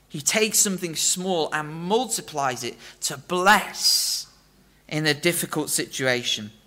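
A man preaching a sermon, earnest and emphatic, explaining scripture in plain terms and slowing down for stress. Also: a little high, pushed and bright.

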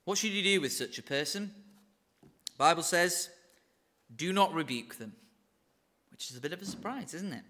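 A man's voice: high-pitched, lively intonation, brisk, sharp tone. A man with a Northern English accent preaching a sermon in an earnest, conversational way, with wry asides.

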